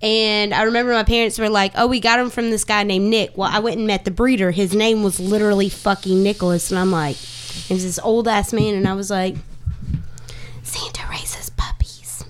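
A woman in a casual group chat, bubbly and excitable as she tells her stories. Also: medium pitch, fairly quick, a little hiss or hum.

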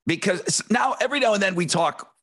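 Man, lively pitch, casual podcast co-host, animated storyteller. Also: fast talker, slightly rough. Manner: animated storyteller, mimics yelling relatives; swears casually.

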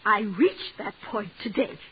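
An actress playing a jealous, desperate wife who pleads in a breathless, overwrought way, in 1940s radio acting style. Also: female voice, medium pitch, measured pace, husky. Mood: confessing. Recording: tinny old radio broadcast with hiss.

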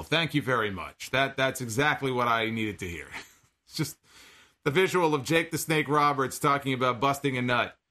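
Bright-voiced man recapping wrestling. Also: mid-range voice. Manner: wry, chatty, reads out listener donation messages. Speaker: wrestling podcast host. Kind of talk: casual solo show recap.

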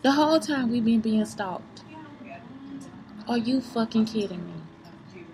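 A woman's voice: fairly high pitch, expressive, slow pace, creaky, background noise. A woman giving a rambling, profane, unscripted venting monologue to her viewers, often asking if they see what she means. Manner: heated, profane, keeps asking "you see what I'm saying?"; rambling, circling back on herself.

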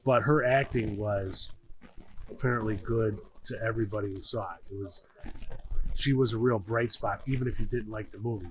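A man's voice: on the low side, normal speed, a little hiss or hum, poor audio. A man in casual podcast chat, thinking aloud in a curious, hesitant way. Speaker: podcast guest.

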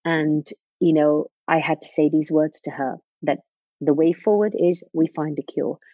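A woman's voice: deep voice, fairly even intonation, moderate pace, warm tone, slightly rough, no room sound. A woman in her forties, a parent speaking as an interview guest, telling personal stories candidly and retelling scenes by quoting what others said. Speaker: guest, parent of a child with type 1 diabetes. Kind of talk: emotional personal storytelling. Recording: dull lo-fi recording.

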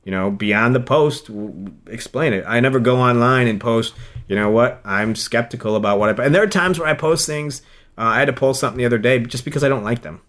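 A man in his thirties co-hosts a podcast in casual, rambling, emotional fashion, frequently starting over mid-thought; he is also a radio host. He speaks a little fast in a mid-range, fairly bright voice.

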